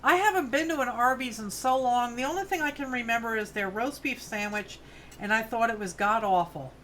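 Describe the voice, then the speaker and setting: A woman's voice: on the high side, brisk, fairly bright tone, slight background noise. Chatty New York woman in her fifties. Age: 50s. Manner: chatty, rambling, friendly asides to viewers. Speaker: craft livestream host. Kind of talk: casual chat while crafting, answering viewer comments. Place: home studio on a farm.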